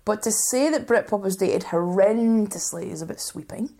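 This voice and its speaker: Woman, co-host, gravelly voice, casual chat, quick interjections. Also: mid-range voice, dark tone. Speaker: podcast co-host.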